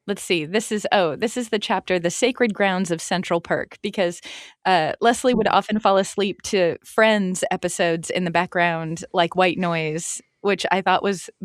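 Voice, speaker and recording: A woman hosting an interview, thoughtful, reading passages aloud and asking gentle questions. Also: fairly low pitch, no echo, studio quality. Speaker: podcast host. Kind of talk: interview conversation.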